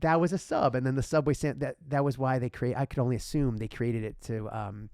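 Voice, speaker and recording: A man co-hosting a podcast in casual chat, talking in an animated way, jumping into quoted voices and cutting in on his guest. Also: mid-range voice, brisk, gravelly, no echo, clean studio sound. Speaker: podcast co-host.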